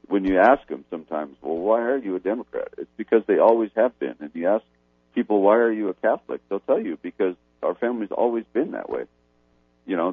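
Male guest, very deep husky voice, blunt and opinionated, on a tinny phone line. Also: no room sound. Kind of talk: casual chat.

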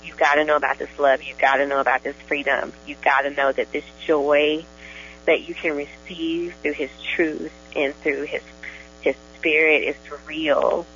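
A woman's voice: low voice, flat delivery, moderate pace, fairly bright tone, slight background noise. A woman guest on a radio ministry show, talking with joy and enthusiasm, often laughing. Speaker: guest in deliverance ministry training. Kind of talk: casual radio conversation. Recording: dull lo-fi radio sound.

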